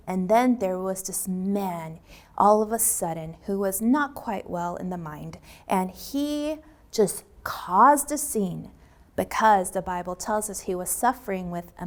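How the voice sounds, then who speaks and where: A woman teaching a children's Bible lesson in a lively, chatty way, often asking her listeners questions. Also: mid-range voice.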